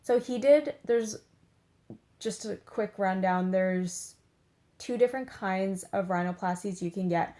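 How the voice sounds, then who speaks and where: A woman's voice: medium pitch, measured pace, dark tone. A young woman, chatting casually to the camera from her bed, full of "like" and acted-out quotes. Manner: chatty, heavy use of "like", acts out quotes. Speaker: beauty vlogger. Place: in bed at home.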